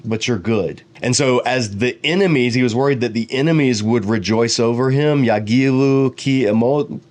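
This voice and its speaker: A middle-aged man teaching Bible commentary, explaining Hebrew words and reading translations aloud with quick asides. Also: mid-range voice, darkish tone.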